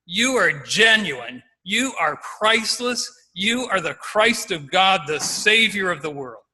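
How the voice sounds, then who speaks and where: A man's voice: high voice, animated, slow, pushed and bright, slightly rough, in a large hall, voice pushed up, full character voice. A man voicing Peter as an emphatic, unwavering male disciple.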